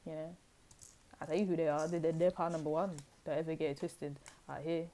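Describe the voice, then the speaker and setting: A young woman gives a casual tarot reading to camera, talking animatedly and acting out what others say in quick asides. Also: low voice, steady tone, mellow. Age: young adult. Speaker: tarot reader.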